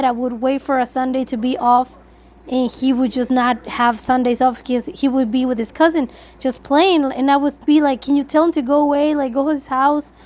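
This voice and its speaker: A woman vlogger telling a breakup story to camera, candid and emotional, swearing often and slipping in quick asides. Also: high voice, darkish tone. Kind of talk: storytime monologue.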